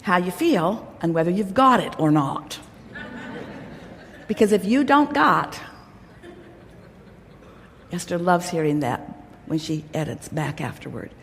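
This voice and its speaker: A woman's voice: fairly low pitch, big pitch swings, unhurried, pauses often, a little hiss or hum. A woman giving an inspirational workshop talk to a crowd, emphatic and playful, speaking as "we". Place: large hall. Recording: long hall reverb.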